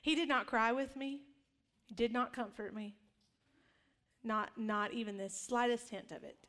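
A woman's voice: on the high side, fairly even intonation, unhurried, fairly bright tone. A middle-aged woman pastor giving a sermon, telling stories in a conversational, humorous way and acting out quotes.

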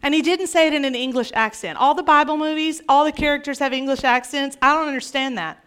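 A woman pastor preaching a sermon, animated and humorous, acting out scripture scenes as she teaches. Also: sits high, quick pace.

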